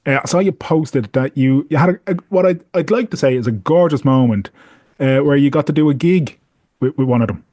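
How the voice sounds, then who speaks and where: A man's voice: mid-range voice, brisk, a little mellow, no echo. Man, podcast host, wry and self-mocking, dry close mic. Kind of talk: casual podcast chat.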